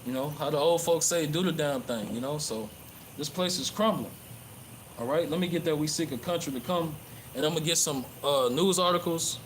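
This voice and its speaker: A man's voice: on the high side, fairly quick, low-quality recording. A man preaching casually while walking through a park by a pond, rambling and profane, with many fillers and restarts. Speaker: religious livestreamer. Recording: clear outdoor background noise.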